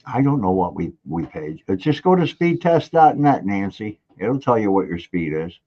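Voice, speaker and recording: A lower-voiced older man hosts a casual livestream, reading viewer comments aloud and poking fun at them. His pitch swings widely as he jokes. The audio is dull and lo-fi. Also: normal speed. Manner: animated, teasing, reads out viewer comments. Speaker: livestream host.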